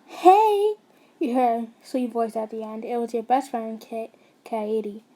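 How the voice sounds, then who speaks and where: Mellow-voiced young woman telling a story. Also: on the high side, level tone, moderate pace. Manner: reads with slips and restarts, chatty asides to listeners. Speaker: fan fiction narrator. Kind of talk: casual storytelling reading.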